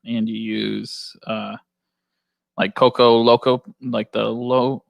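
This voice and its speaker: A man's voice: medium pitch, flat delivery, slow, creaky, no echo, dull audio. A man co-hosting a casual podcast, talking loosely with swearing and lots of "like" fillers. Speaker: podcast co-host. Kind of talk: casual chat.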